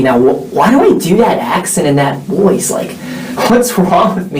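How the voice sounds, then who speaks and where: A man's voice: on the high side, big pitch swings, normal speed. A young man vlogging straight to his viewers in a playful, self-teasing, joking way. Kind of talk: casual vlog talking to viewers. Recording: echoey room, mic at a distance, music behind.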